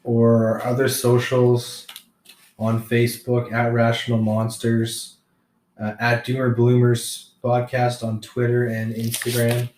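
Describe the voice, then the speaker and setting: A man's voice: mid-range voice, monotone, slow, a little mellow. Laid-back man on a couch, roomy sound. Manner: laid-back, crude joking banter. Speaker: podcast co-host. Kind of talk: casual chat. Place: living room couch.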